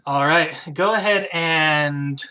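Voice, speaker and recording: A game master narrates a tabletop game in a bright, sharp voice. The telling is casual and hesitant, full of fillers and restarts. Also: mid-range voice, takes it slowly, clean tone. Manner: hesitant narration with many "uh" and "kind of".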